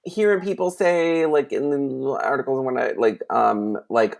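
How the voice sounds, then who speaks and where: A man on a casual pop-culture podcast making quick, witty remarks. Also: mid-range voice, creaky.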